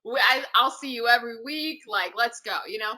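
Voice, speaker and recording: An actress being interviewed, chatting casually and telling stories with animated, acted-out reactions. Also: female voice, a little high, a little fast, poor audio. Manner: animated storytelling, acts out her own reactions.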